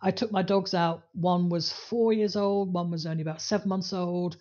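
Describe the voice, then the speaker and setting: A woman's voice: lowish voice, fairly even intonation, normal speed, warm tone, highs cut off. A woman co-hosting a podcast about dog training, talking casually and telling anecdotes with acted-out voices. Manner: storytelling, acts out voices in anecdotes.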